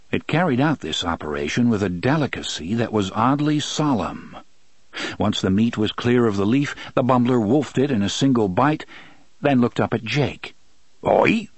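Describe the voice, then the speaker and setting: A man narrating an audiobook with expressive storytelling. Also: mid-range voice, breathy edge, no echo. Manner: expressive storytelling, many voices. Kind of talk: scripted narration.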